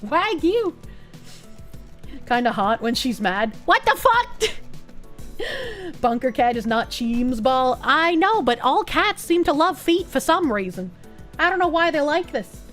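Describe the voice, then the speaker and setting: High-voiced woman streamer chatting casually. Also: lively intonation, fairly bright tone, soft background music. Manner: loose, profane, quick to laugh. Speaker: live streamer. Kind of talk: casual live-stream chat, reading donations.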